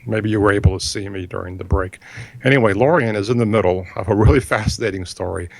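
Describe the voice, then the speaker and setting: A man's voice: on the low side, quick pace, creaky, dry recording. A man hosting a radio interview, jokey and playful in his asides. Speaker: radio show host.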